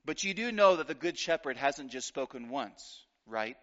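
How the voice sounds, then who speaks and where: A man preaching a sermon, emphatic, with deliberate pauses and repeated phrases. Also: medium pitch, expressive, a bit bright, highs cut off. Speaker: pastor.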